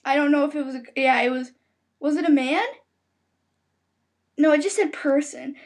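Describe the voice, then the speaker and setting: A woman's voice: high voice, fairly even intonation, normal speed. A woman recording a casual podcast from her bed, reading the news aloud in a panicky, dramatic way with frequent exclamations.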